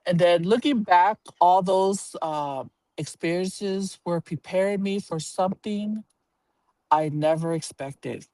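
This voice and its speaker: A man telling a personal story to a live audience, animated and blunt, swearing casually and acting out the voices of the people in it. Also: high-pitched, slow, no room sound. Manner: animated, acts out quoted voices, laughs while telling.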